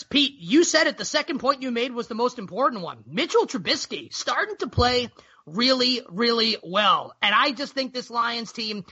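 Male co-host, high bright voice with a husky edge, boisterous joker; dull lo-fi podcast sound. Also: sing-song, moderate pace. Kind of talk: casual sports podcast banter.

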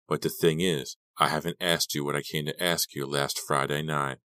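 A nervous, cocky teenage boy in a storybook reading, as a man voices him. He speaks in a very deep, slow drawl. The mic is close and dry. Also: steady tone, pushed and bright, smooth, no room sound. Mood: awkward.

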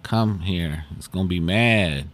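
A man's voice: deep voice, measured pace. A man storyteller voicing a wary older man with a pack of guard dogs who gives urgent, pleading warnings.

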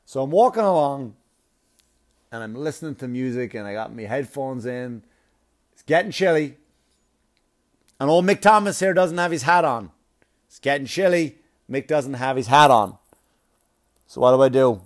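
Male comedian, stand-up storytelling, profane, animated, mid-range voice. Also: medium pitch, moderate pace, long pauses. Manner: profane, animated, laughing asides.

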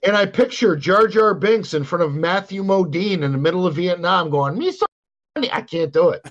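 Older guy cohosting a podcast, swearing a lot, fed up, slightly high voice. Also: moderate pace, lo-fi sound. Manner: profane, exasperated ranting. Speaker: podcast co-host. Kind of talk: casual podcast rant.

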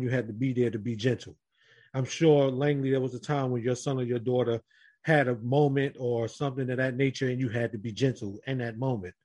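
A man's voice: mid-range voice, mellow. Man telling a story in a group chat. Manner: earnest storytelling, addresses the group directly. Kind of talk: casual group podcast chat.

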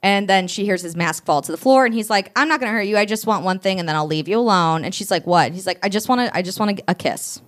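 A woman's voice: medium pitch, fast talker, hardly any pauses. A woman co-hosting a live podcast on a theater stage, casually recapping a book and acting out its lines with playful voices. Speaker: podcast co-host.

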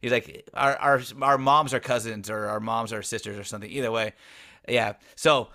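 Bright-voiced man telling a sports story. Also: medium pitch, moderate pace, vocal fry. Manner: blunt, profane, animated storytelling. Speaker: podcast co-host. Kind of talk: casual sports chat.

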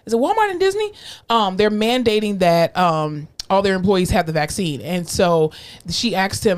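A woman's voice: mid-range voice, sing-song, normal speed. A woman co-hosting a podcast in casual chat, blunt and swearing freely, often quoting people in put-on voices. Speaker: podcast co-host.

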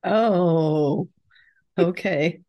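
A woman co-hosting a podcast who reacts to a story with quick quips and laughter. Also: lowish voice, highs cut off. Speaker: podcast co-host. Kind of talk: casual chat.

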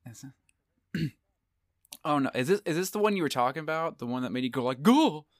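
Playful man co-hosting a podcast. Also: fairly high pitch. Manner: laughs often, asks questions, playful. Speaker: podcast co-host. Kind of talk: casual chat.

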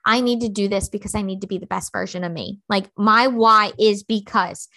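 A woman's voice: mid-range voice, moderate pace, a bit bright. A woman in her thirties hosting a motivational podcast, talking bluntly and emphatically with lots of fillers. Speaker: podcast host.

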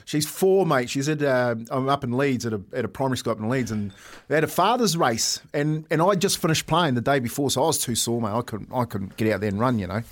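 A man's voice: medium pitch, fast. A man co-hosting a sports radio show, telling yarns in casual banter and calling everyone "mate". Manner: animated yarn-spinner, peppers talk with "mate". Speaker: sports radio co-host and player. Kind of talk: casual sports chat, storytelling.

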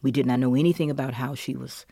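A middle-aged woman, a guest telling of her loss, swinging between loud outbursts and hushed whispers. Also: a bass voice, fairly even intonation, fast, vocal fry, no echo, clean studio sound. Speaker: interview guest, bereaved mother. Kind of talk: emotional personal testimony.

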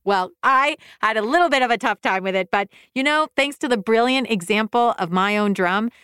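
A woman's voice: a little high, a little fast, a bit bright, smooth, no room sound, studio quality. A woman hosting a music lesson for kids, encouraging viewers at home to sing along. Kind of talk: upbeat kids' music lesson.

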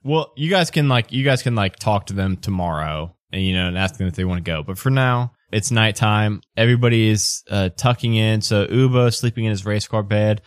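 A man running a tabletop game with a lower voice and a casual, chatty narration full of fillers and laughter. The sound is close and dry. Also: brisk, hardly any pauses, dry recording. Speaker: game master.

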